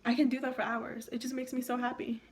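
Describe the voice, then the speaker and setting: A young woman vlogging at home, chatting excitedly and rambling through a makeup tutorial with lots of likes and ums. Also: fairly high pitch, quick pace, noisy background.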